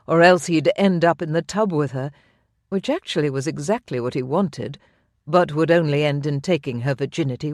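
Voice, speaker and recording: Brief: audiobook narrator, measured and intimate, mid pitch, very dry studio sound. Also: darkish tone, dry recording. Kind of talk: scripted narration.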